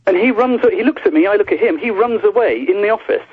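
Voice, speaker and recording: A man, a journalist guest, recounting events in rapid, breathless storytelling with restarts. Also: high-pitched, expressive, husky, no echo. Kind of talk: phone-in interview storytelling. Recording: tinny phone line.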